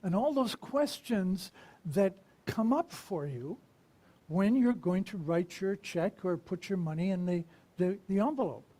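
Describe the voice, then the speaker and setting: A minister giving a conversational sermon, asking the congregation questions and pausing to reflect. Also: medium pitch, lively intonation, mellow. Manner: unhurried and reflective, with pauses.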